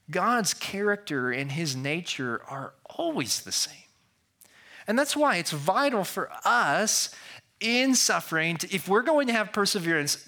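A man's voice: fairly high pitch, pushed and bright. A man in his thirties preaching a conversational sermon, asking the congregation rhetorical questions.

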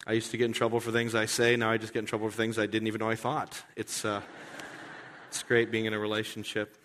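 A man preaching a sermon in an animated, joking way, often repeating words. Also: fairly low pitch, quick pace, long reverb tail. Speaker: pastor.

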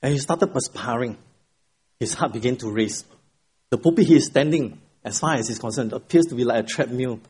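A middle-aged male pastor preaching a Sunday sermon in a church, telling stories and praying, with emphatic rises and quiet drops. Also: medium pitch, fairly quick, breathy edge. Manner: expressive storytelling, rising for emphasis, then dropping quiet. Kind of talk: sermon with an opening joke and prayer. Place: church sanctuary at the pulpit.

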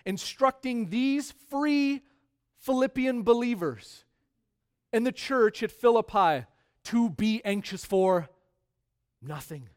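A man preaching a sermon as pastor, stressing key words by repeating them and swinging between quiet drops and loud rises. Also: very high voice, animated, takes it slowly, pauses often.

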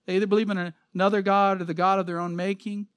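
A man's voice: high-pitched, little pitch movement, fast talker, smooth, no room sound. A man giving an expository sermon, reading scripture aloud and explaining it in an earnest, emphatic way. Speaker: preacher. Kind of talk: sermon, expository Bible teaching.

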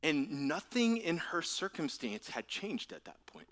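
Man, pastor, sermon, bright forceful voice, fairly high pitch, earnest, conversational, repeats and restarts words, hushed near-whispers for emphasis. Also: sing-song, unhurried.

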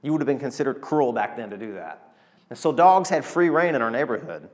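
A man, preaching a sermon and telling stories with animated, emotional delivery. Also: mid-range voice, brisk. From Arkansas, USA. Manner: animated storytelling preacher, emotional, calls to the congregation. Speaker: pastor.

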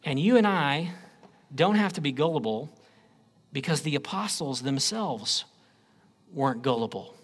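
A man preaching a sermon, swinging between loud declarations and low, quiet phrases. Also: expressive, unhurried, pauses often. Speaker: pastor.

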